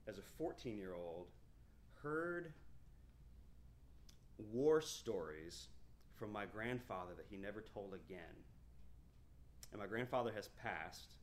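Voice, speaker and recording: A man in his thirties delivers an expository sermon, emphatically reading scripture and explaining it conversationally while often restarting. His voice is on the low side, with a little background noise.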